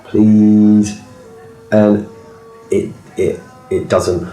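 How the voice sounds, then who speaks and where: A man with a very deep voice talks in a relaxed, descriptive way. He sounds far from the mic, and the room gives the voice a strong echo. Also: a little fast, soft background music. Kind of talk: casual storytelling.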